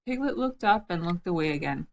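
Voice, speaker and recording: A woman reading a children's book aloud in a gentle, amused way. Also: lowish voice, expressive, fairly quick, vocal fry, poor audio. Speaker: storybook reader.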